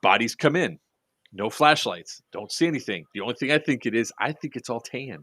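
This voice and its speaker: Animated man telling a story, dry sound. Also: mid-range voice, a little fast, slightly rough, no room sound. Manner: animated, acts out quotes, swears freely. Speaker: airsoft podcast speaker. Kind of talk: casual storytelling chat.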